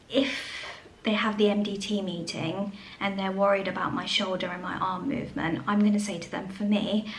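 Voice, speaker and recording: Candid woman vlogging softly from a car. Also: mid-range voice, a little hiss or hum. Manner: candid, often dropping to a soft whisper. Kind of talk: casual vlog to camera. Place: in a parked car.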